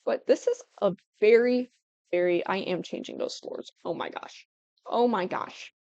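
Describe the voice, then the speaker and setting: A woman's voice: medium pitch, measured pace, vocal fry, darkish tone, no echo, dull audio. A young woman giving casual, chatty gameplay commentary while she builds, often breaking off mid-thought and giggling. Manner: chatty and self-interrupting, with giggles. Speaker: Sims building tutorial creator.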